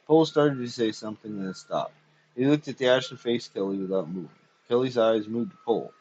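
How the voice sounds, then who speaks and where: A man reads a story aloud in a low, husky voice, steady and measured. The delivery is dramatic without hurrying. The recording is dull and lo-fi. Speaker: reader.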